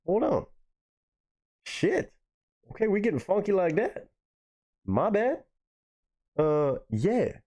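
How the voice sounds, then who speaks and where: A young man hosting a live music reaction stream, talking excitably, swearing freely and repeating lines in disbelief. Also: high voice.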